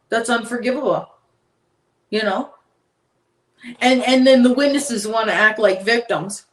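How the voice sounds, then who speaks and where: A woman talking as a guest on a podcast, emphatic and heated, repeating her points. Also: medium pitch. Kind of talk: casual podcast chat. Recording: echoey room, distant from mic.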